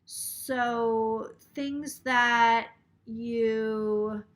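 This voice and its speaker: A woman's voice: fairly high pitch, fairly even intonation, very slow. A woman psychic on a casual live stream, a little tipsy, relaying a spirit's words in a rambling, swearing way. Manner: rambling, swears freely, quotes the spirit aloud.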